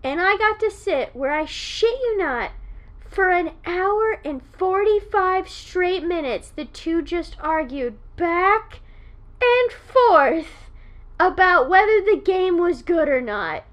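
A woman's voice: extremely high pitch, lively intonation, takes it slowly, a bit bright. A woman co-hosting a podcast in casual chat, rambling and swearing playfully, with hiccups. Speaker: podcast co-host.

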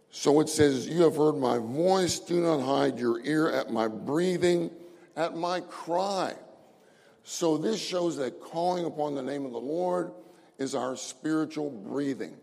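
A man's voice: medium pitch, creaky, darkish tone, husky. A man preaching a sermon, repeating key phrases for emphasis and reading scripture aloud. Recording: long hall reverb.

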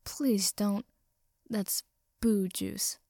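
A woman voicing a weary young man with a dry, deadpan delivery. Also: medium pitch, very slow, no room sound.

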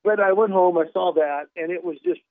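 Male comic guest, wry and lively storyteller, somewhat high voice, dry phone-line sound. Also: brisk, dry recording. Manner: animated, wry storyteller who plays out dialogue. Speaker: comedian guest. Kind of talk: conversational storytelling.

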